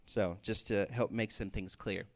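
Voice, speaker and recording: A man preaching a sermon in a casual way, telling stories with lively bursts and everyday fillers. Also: on the low side, a little slow. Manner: casual, animated storytelling with fillers. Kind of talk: sermon with storytelling.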